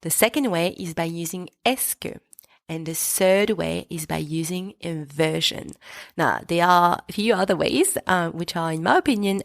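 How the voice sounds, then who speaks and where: Woman teaching French, patient and clear. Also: mid-range voice, dry recording, studio quality. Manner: clear, patient explaining with spoken French examples. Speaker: French teacher and podcast host. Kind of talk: scripted podcast lesson.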